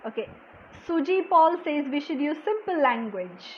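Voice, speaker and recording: A woman from India teaching a live online class, answering viewers' questions in a soft, quiet voice, saying "okay" often. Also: sing-song, normal speed, muffled recording, slight background noise. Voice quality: soft-spoken, low volume. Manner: explanatory, reads out viewer comments, frequent "okay". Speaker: language exam coach. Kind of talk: live-streamed lesson answering chat questions.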